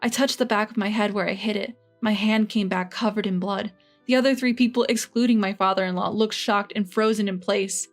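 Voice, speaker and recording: A woman reading a first-person revenge story in an even, measured way. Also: mid-range voice, soft background music. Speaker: narrator.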